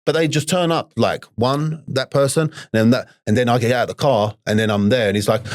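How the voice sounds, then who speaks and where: A man's voice: mid-range voice, brisk, hardly any pauses, no room sound. A man talking earnestly in a casual podcast chat, swearing freely and often checking that he is understood. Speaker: guest in recovery.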